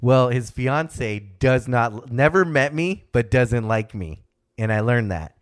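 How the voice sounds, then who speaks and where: A man in a relaxed podcast conversation, his voice at an everyday middle pitch. He tells stories with lively energy and slips into the voices of the people in them. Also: slow, clear, resonant tone. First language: speaks German from a German mother. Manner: animated anecdotes, acting out quoted voices. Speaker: podcast guest. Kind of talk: casual storytelling chat.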